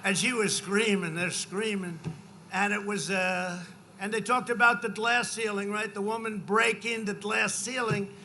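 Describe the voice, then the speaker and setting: A man's voice: high voice, steady tone, unhurried, slight background noise. Man giving a rambling campaign rally speech. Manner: rambling and repetitive, often rising to shouts. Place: large outdoor rally.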